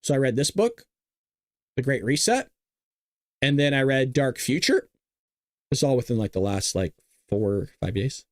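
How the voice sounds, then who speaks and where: A man's voice: mid-range voice, expressive, moderate pace, long pauses, dry recording, clean studio sound. A man hosting a live news commentary show, ranting emphatically with repeats and restarts.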